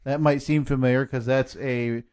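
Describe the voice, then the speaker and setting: A young man co-hosting a podcast, teasing his partner with deadpan quips in casual banter. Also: medium pitch, moderate pace, clear, resonant tone. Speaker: podcast co-host.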